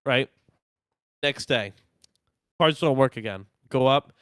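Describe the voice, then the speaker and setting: A young man co-hosting a podcast, telling a story in animated casual chat and acting out what people said. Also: medium pitch, slow pace, smooth, no echo. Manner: animated, acts out quotes of himself and others. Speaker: podcast co-host.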